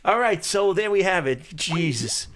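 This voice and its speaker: A man's voice: sits high, lively intonation, moderate pace, fairly bright tone, slight background noise. A man hosting a call-in show, profane and boisterous, laughing often between calls. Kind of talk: crude call-in banter.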